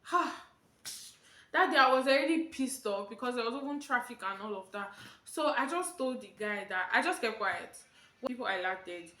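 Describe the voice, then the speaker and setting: A young woman with a Nigerian accent recounts a story on her vlog, with lively acted-out quotes. Her voice sits high and bright. It rings off the walls of a roomy, echoey space. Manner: animated storytelling, acting out quotes in Pidgin and Yoruba. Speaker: vlogger.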